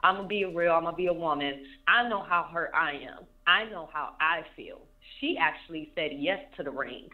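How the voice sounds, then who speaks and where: A woman's voice: low-pitched, normal speed, hardly any pauses, narrow, tinny audio. A woman of about thirty, an interview guest, talking earnestly and repeating her points for emphasis. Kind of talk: candid emotional interview talk.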